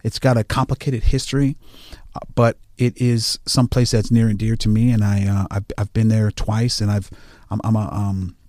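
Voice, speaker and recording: A man speaking as an interview guest in casual conversation, halting often with fillers and restarts. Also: lowish voice, little pitch movement, darkish tone, dry recording, clean studio sound.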